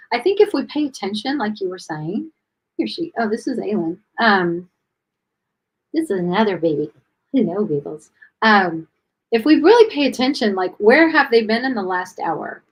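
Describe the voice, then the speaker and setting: A woman of middle pitch chats casually as host, wandering through her thoughts with fillers and restarts. She talks from home about her pets. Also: lively intonation, moderate pace, husky, low-quality recording. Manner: chatty, rambling, many fillers and restarts. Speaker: podcast host. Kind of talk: casual chat.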